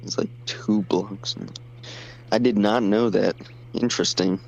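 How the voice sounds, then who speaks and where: A man's voice: fairly low pitch, steady tone, a little slow, vocal fry, muffled recording. A man co-hosting a stream, chatting casually over gameplay, easily distracted and swearing freely. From United States. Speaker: stream co-host.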